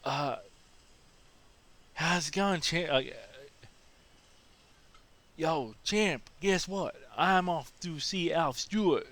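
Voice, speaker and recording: A man's voice: a little high, expressive, very slow, pauses often, a bit bright, voice pushed up, full character voice. A man voicing a gullible American tourist man who talks in an eager, gushing, starstruck way. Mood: excited.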